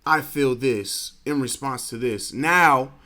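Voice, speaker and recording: A man's voice: medium pitch, slow, pushed and bright. A man co-hosting a casual podcast chat, talking frankly and swearing freely. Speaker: podcast co-host.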